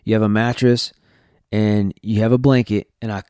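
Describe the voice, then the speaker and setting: A man's voice: lowish voice, level tone, normal speed, warm tone, clean tone, dry recording. Texas guy telling his own story, candid and earnest, restarts a lot, dry close sound. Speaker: podcast host telling his testimony. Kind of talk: personal testimony storytelling.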